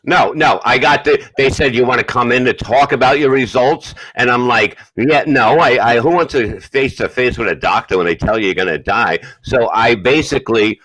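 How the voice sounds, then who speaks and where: A man's voice: medium pitch, moderate pace, hardly any pauses, no room sound, rough recording. An older man telling crude, boastful stories on a comedy podcast. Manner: profane, boastful, loud storytelling. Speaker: podcast co-host.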